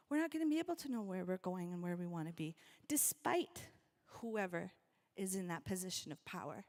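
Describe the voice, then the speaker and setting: A woman from North Dakota giving a rally speech, calling out to the crowd and leading the audience through a reflection. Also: medium pitch. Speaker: event speaker.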